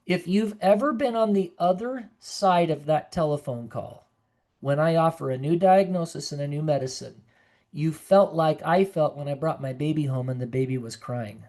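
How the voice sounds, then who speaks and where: With a low, warm voice at a moderate pace, the woman nurse practitioner addresses caregivers over a video call. Her presentation is earnest and conversational, with occasional impressions of the people she quotes.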